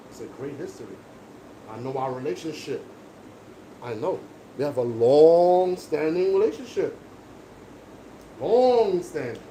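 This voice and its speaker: A man's voice: on the high side, mellow, recorded from a distance. A man talking casually while he works as a barber, speaking in an emphatic, lecturing monologue. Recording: echoey room with background noise.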